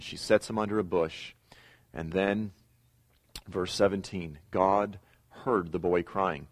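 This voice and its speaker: A middle-aged man teaching a Bible lesson, telling the story in a steady way with pauses and emphatic repeats. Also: fairly low pitch, no room sound, studio quality. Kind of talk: teaching lecture.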